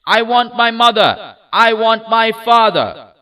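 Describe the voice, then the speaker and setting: A man's voice: expressive, takes it slowly, bright, forceful tone, recorded from a distance, full character voice. A man doing a lost little boy wailing. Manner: wailing, shrill and tearful. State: crying. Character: small lost boy, sobbing for his parents.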